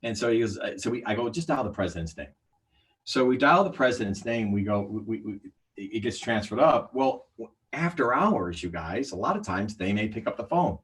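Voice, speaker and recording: Man, middle-aged, lowish voice, sales trainer, animated storytelling, acts out voices, livestream talk. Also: moderate pace.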